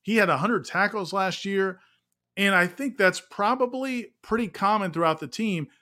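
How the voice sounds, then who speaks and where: Guy with a high-ish voice chatting sports radio, calm and explaining. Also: moderate pace. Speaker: sports radio co-host and writer.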